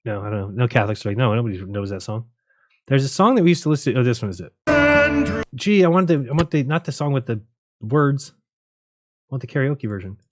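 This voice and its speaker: A man's voice: medium pitch, expressive, fast, over music. Man rambling on a joking livestream. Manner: rambling, joking, laughs at his own jokes. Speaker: livestream host. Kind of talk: casual rambling livestream chat.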